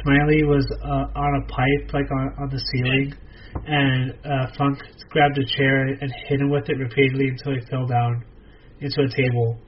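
A man's voice: medium pitch, level tone, moderate pace. A man co-hosting a casual podcast, speaking in a laid-back way with dry remarks and chuckles. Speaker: podcast co-host. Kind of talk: casual chat. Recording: muffled lo-fi with faint noise.

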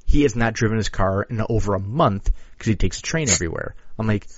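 Speaking fast in a lowish, husky voice, this Chicago-area podcast co-host spins a crude tale full of profanity and performed quotes during casual chat. He's expressive throughout. The audio is dry and has a dull, lo-fi quality.

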